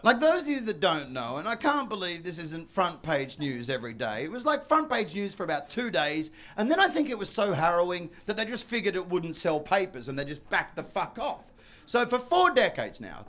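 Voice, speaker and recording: A middle-aged man doing a stand-up comedy set, loud and profane, breaking into shouted high put-on voices. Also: sing-song, normal speed.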